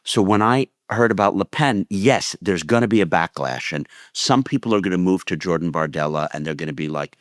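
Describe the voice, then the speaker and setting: A man with a fairly low voice argues his points with real passion and emphasis. He co-hosts a political discussion podcast, and the sound is dry and close with no room echo. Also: fairly quick, hardly any pauses. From United States. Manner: passionate, emphatic, animated arguing. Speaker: podcast co-host.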